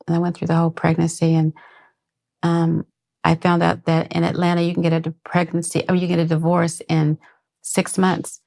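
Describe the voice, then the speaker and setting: A middle-aged woman telling her own life story as a podcast guest. She speaks haltingly, restarting sentences and acting out the voices of the people she quotes. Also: fairly low pitch, monotone, creaky, a little mellow. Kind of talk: personal testimony.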